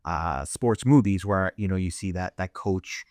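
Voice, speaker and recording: A man's voice: deep voice, unhurried, darkish tone, no room sound, clean studio sound. A middle-aged man hosting an interview, telling a family story with many restarts and acted-out voices. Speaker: host.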